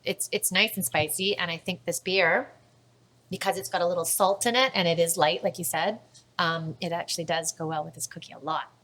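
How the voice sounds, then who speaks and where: A woman's voice: lowish voice, steady tone, fairly quick, a bit bright. A woman in casual conversation, chatty and enthusiastic, with frequent fillers. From Canada. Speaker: food tour operator and podcast guest. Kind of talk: casual chat.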